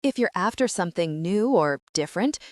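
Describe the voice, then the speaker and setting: A woman's voice: on the low side, animated, a little fast, darkish tone, no room sound, clean studio sound, natural voice. A woman voicing a housekeeper in her fifties who has a Cockney-Italian accent, a piercing voice and a stiff, easily offended manner, in an audiobook.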